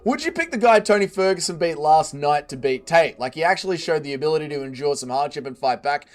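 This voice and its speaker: A man's voice: a little high, expressive, quick pace. A man hosting a casual livestream, reading chat aloud, swearing often and laughing readily.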